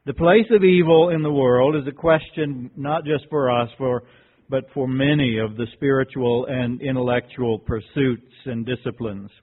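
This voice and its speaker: A man presenting at a workshop, giving a reflective lecture and telling a teaching story in a measured, deliberate way. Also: medium pitch. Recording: tinny phone-like recording.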